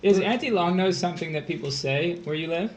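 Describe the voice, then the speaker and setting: A man's voice: sits high, a little fast, a little hiss or hum. Dry, teasing young man tutor. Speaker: test prep tutor. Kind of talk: casual livestream tutoring.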